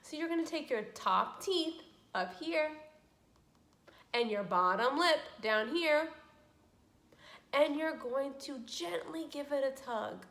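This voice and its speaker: Slow, animated woman teaching speech sounds. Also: high-pitched, vocal fry, roomy sound. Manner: slow, exaggerated, encouraging teacher talk. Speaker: speech therapist. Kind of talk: children's speech lesson.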